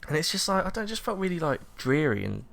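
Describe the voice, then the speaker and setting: A man's voice: fairly high pitch, very animated, quick pace, vocal fry, fairly bright tone. A man chatting casually on a podcast, hesitant and chatty, trailing off and restarting. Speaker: podcast co-host. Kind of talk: casual chat.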